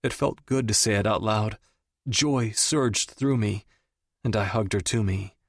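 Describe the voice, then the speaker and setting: Low-voiced male audiobook narrator. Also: a little slow, gravelly, no room sound, clean studio sound. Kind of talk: first-person romance audiobook narration.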